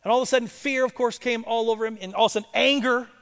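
A male pastor telling a story in a sermon and building to loud, emphatic preaching. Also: extremely high pitch, fairly even intonation, rapid-fire, in a large hall.

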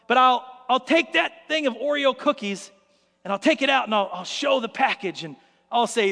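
A man preaching a sermon as pastor, telling stories in an animated way and acting out the scenes. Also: very high voice, normal speed, vocal fry, long reverb tail.

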